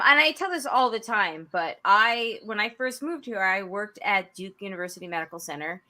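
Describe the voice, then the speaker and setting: A woman's voice: lowish voice, pushed and bright. A woman with a Long Island accent co-hosting a casual podcast chat, laughing often and restarting her phrases. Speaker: podcast co-host.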